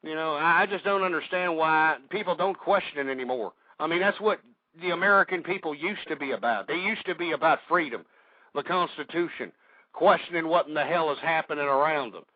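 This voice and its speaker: A man's voice: a little high, fairly quick, no room sound. A man hosting a talk radio show, ranting with hostility and swearing often, and getting out of breath. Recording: dull lo-fi radio broadcast.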